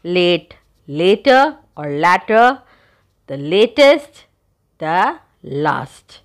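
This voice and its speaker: Woman teacher, unhurried delivery, patient explaining to students. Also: lowish voice, sing-song. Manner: slow, careful explaining, spelling out letters. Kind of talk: recorded grammar lesson.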